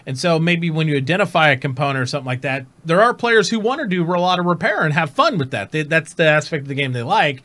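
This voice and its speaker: A man talks through a casual gaming show in a slightly high voice, animated and loose. He swears offhandedly and jumps into quick acted-out radio calls. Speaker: podcast host.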